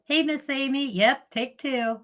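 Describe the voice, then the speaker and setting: A woman's voice: sits high, measured pace, fairly bright tone, poor audio. Chatty woman telling stories on a live stream. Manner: chatty storyteller, laughs often, greets viewers. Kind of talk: casual live-stream chat.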